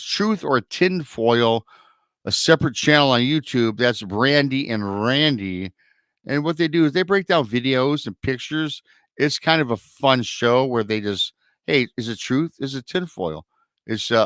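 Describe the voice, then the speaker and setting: A man's voice: medium pitch, fairly bright tone, dry recording. Upbeat man hosting a live show. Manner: upbeat promotional patter, casual grammar. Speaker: podcast host. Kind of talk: live show intro and announcements.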